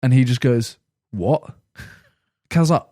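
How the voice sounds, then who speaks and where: Speaking slowly at a medium pitch, a young man co-hosting a podcast spins a rambling story during casual conversation. The recording is dry and clean, studio-grade, and he animatedly acts out the quotes.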